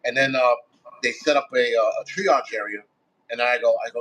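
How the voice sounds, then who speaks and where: A man's voice: mid-range voice, normal speed, bright, forceful tone, poor audio. A man, a firefighter guest, telling a story in a blunt, casual way with heavy swearing, acting out his own quoted thoughts. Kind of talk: casual first-person storytelling.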